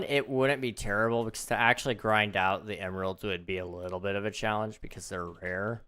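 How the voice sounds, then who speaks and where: Deep-voiced, slightly hoarse male streamer. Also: steady tone, sharp tone. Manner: chatty, thinks aloud with frequent ums and quick laughs. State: slightly hoarse, losing his voice. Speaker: gaming livestreamer. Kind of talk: casual live-stream chat while playing. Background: background music.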